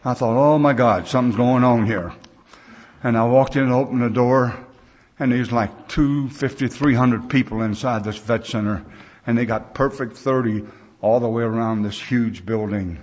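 A man's voice: mid-range voice, moderate pace, darkish tone. A man in his sixties speaking at a recovery meeting, telling stories in a folksy, plain-spoken way with loose grammar.

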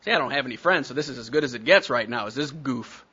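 A man's voice: medium pitch, quick pace, sharp tone, breathy edge, muffled recording. A man telling his recovery story to a meeting, blunt and self-mocking. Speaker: speaker sharing recovery story.

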